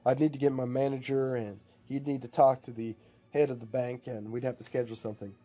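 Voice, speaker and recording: A man's voice: mid-range voice, level tone, fast talker, mellow, soft background music, natural voice. A man voicing a stiff, nervous bank teller who sticks to the rules.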